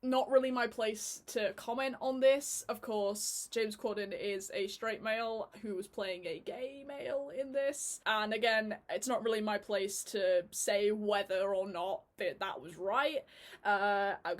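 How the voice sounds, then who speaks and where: A woman's voice: mid-range voice, unhurried. A woman giving a casual chat review on her channel, chatty and laughing often, with lots of fillers and restarts. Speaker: YouTube reviewer.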